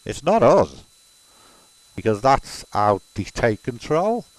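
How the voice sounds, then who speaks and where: A man's voice: mid-range voice, big pitch swings, takes it slowly, no room sound, poor audio. A man from Liverpool with a Scouse accent, talking in a rambling casual monologue full of fillers and restarts as a self-described medium. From Liverpool, England.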